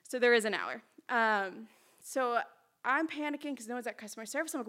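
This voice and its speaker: A woman telling a personal story at a live storytelling event, chatty, lively and self-mocking, on a stage mic in a small hall. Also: fairly high pitch, a little fast.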